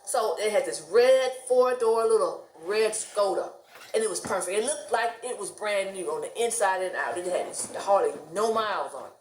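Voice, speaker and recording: A woman's voice: medium pitch, moderate pace, echoey room, slight background noise. A middle-aged woman from the United States telling stories casually to camera, chatty and laughing often. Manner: chatty, laughs often, animated quoted voices. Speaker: vlogger.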